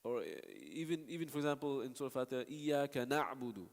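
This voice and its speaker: Speaking very fast in a darkish, medium-pitched voice, this man leads a recitation class with spoken examples. He is patient, stopping to model sounds and respond to students, and the room has a long hall reverb.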